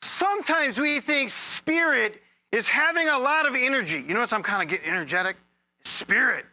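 A man preaching a sermon as a pastor, conversational and humorous, with energetic bursts of emphasis. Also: very high-pitched, moderate pace.

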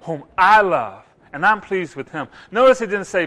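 A man preaching a sermon, animated, acting out voices and rising loud for emphasis. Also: high voice, moderate pace.

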